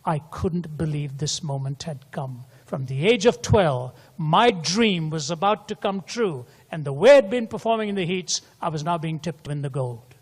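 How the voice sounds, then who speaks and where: A man's voice: on the high side, lively intonation, normal speed, hardly any pauses, husky. An older man preaching a sermon and telling stories, his voice climbing to emphatic peaks. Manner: storytelling, voice rising to emphatic peaks. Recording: hall reverb.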